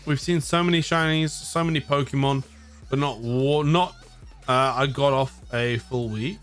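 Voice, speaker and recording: A man's voice: mid-range voice, normal speed, a bit bright, soft background music. A man with an English accent, from the United Kingdom, chatting casually on a live stream, tired, rambling and often chuckling at himself.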